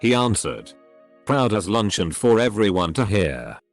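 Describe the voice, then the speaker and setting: Synthetic male storyteller, low-pitched and animated, odd pauses, faint music behind. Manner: synthetic text-to-speech read with odd phrasing and pauses. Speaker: narrator. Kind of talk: scripted narration of online posts. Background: faint background music.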